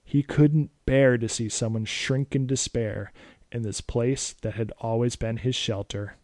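A man narrating a scripted spooky story in a brisk, steady way. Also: medium pitch, no echo.

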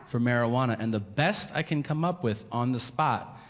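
Male stand-up comic, animated, acts out the voices; live hall echo, audience audible. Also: mid-range voice, normal speed, slight background noise. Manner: animated storytelling, acting out voices. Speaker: stand-up comedian. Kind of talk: stand-up set. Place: theater stage.

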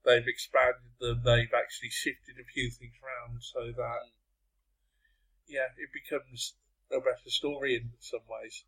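Male podcast panelist, casual and rambling, mid-pitched. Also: flat delivery, a little slow, fairly bright tone, poor audio. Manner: rambling, loses his train of thought. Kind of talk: casual chat.

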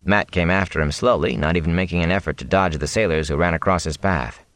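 A man narrating a fantasy novel aloud in an expressive storytelling reading. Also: low voice, quick pace, dry recording. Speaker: audiobook narrator. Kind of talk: scripted narration.

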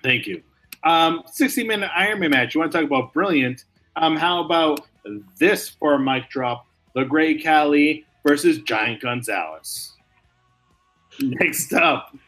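A man co-hosting a casual podcast, excitable, laughing often and tossing in quick asides. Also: a little high, soft background music. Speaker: podcast co-host. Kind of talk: casual podcast chat about wrestling.

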